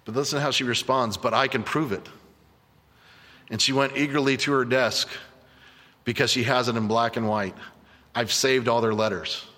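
Pastor guy preaching, bright forceful voice, big echoey church. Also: medium pitch, fairly even intonation, normal speed, long pauses. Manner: storytelling preacher, earnest and emphatic. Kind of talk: sermon. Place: church sanctuary.

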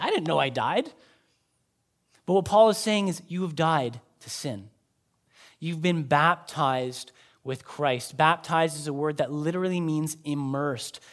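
A pastor with a high voice delivers a sermon in a relaxed, talking-it-through way. He moves between emphatic, louder lines and soft, low asides. He is a man speaking to his congregation. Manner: conversational preaching, emphatic rises and quiet drops.

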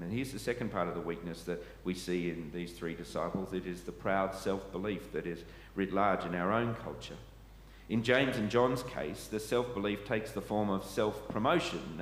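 A man preaching a sermon, earnest and asking his listeners questions. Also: low-pitched. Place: church. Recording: echoey church hall, faint ambient noise.

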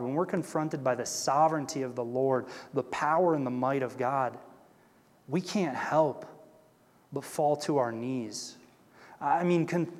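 A man's voice on the high side, a little mellow, leads a Bible study. He reads passages and explains them in a chatty way, peppering in "right?" and voicing the quoted characters differently. Long hall reverb surrounds him.

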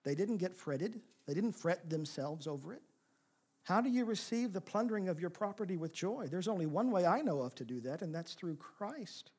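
Male pastor, higher pitched, expressive sermon delivery with rhetorical questions. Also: moderate pace, husky. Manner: expressive preaching, swings from emphatic to soft, rhetorical questions.

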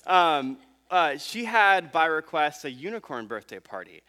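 Bright-voiced male pastor. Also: on the high side, big pitch swings, a little slow. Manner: conversational storytelling with fillers and restarts. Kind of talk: sermon.

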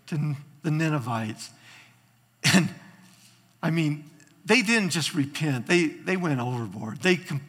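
Animated storytelling pastor in a reverberant hall. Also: male voice, on the high side, husky. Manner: animated storytelling, acting out quotes. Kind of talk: sermon.

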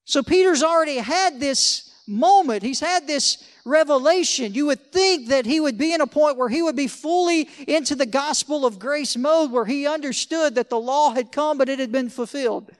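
Man, pastor, very high voice, conversational sermon, joking asides. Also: moderate pace, few pauses.

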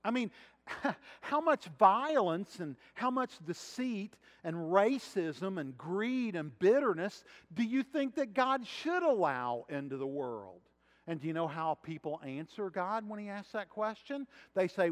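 A man delivers a sermon in a high voice, talking it through with his listeners and asking them questions. His words ring out with the long reverb of a big church sanctuary. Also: lively intonation, a little slow. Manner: conversational preaching with rhetorical questions. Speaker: pastor.

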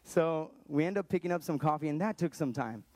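A man in his thirties tells a personal story, earnest and halting, often circling back to restart a thought. His voice is mellow and warm. The sound is dry and close, with no room around it. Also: a little high, expressive, dry recording. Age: 30s. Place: Texas, around Austin.

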